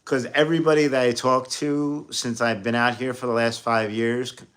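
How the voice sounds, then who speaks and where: A man's voice: mid-range voice, level tone, moderate pace, a bit bright, clean tone. A man from New York with a New York accent, telling rambling stories about acting jobs in a casual interview, with lots of fillers and restarts. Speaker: entertainer and actor. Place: home studio.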